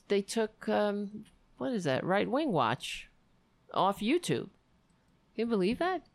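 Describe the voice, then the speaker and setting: Middle-aged woman, live-stream host, wry and rambling, lower voice, dry close sound. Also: no room sound. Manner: chatty, wry, rambling with quick asides. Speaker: livestream host reading chat. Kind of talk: casual live-stream chat.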